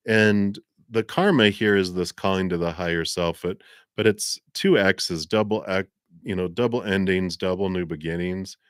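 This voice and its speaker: A man's voice: deep voice, clear, resonant tone, dry recording, clean studio sound. A man giving a live tarot and astrology reading in a rambling, conversational way with many fillers. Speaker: tarot reader.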